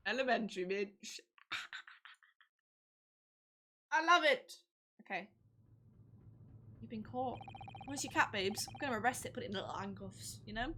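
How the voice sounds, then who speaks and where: A woman's voice: on the high side, lively intonation, unhurried, long pauses, sharp tone, a little hiss or hum. A young woman streaming a game, joking playfully and reading its dialogue aloud.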